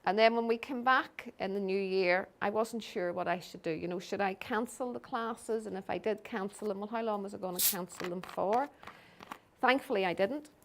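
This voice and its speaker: A middle-aged woman speaks with a Belfast accent, delivering a public lecture over slides. She tells it as a story and slips into the voices of the people she quotes, at an ordinary, medium pitch. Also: normal speed. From Northern Ireland.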